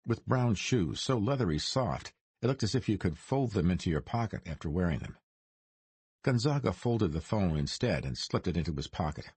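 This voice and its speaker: Deep, husky male audiobook narrator. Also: no room sound. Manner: measured, lively storytelling. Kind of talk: scripted crime noir narration.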